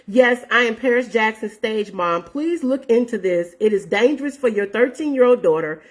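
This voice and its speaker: A woman's voice: on the high side, expressive, moderate pace. A woman in her fifties hosting her own show, telling viewers a story in an earnest, casual way and reading out messages. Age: 50s. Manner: earnest, addresses viewers as y'all, reads out messages. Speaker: show host.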